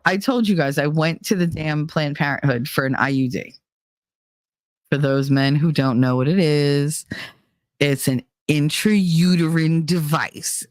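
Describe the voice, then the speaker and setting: A woman's voice: low-pitched, dry recording, clean studio sound. A woman hosting a podcast, talking through a candid, casual monologue in a blunt, profane way, laughing often as she tells her stories. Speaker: podcast host.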